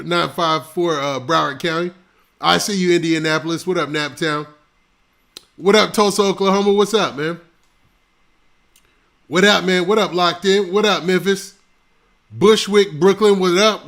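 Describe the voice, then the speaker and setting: Man, high voice, gravelly, live stream host, close mic, laid-back slang, shout-outs to viewers. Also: fairly even intonation, moderate pace. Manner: shouting out viewers' locations one after another. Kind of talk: casual live stream chat.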